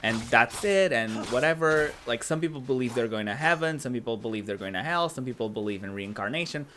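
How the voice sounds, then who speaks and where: A man's voice: medium pitch, lively intonation, a little fast, fairly bright tone, a little hiss or hum. A man chatting casually while streaming a game, filled with "like" and laughs. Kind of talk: casual gameplay commentary.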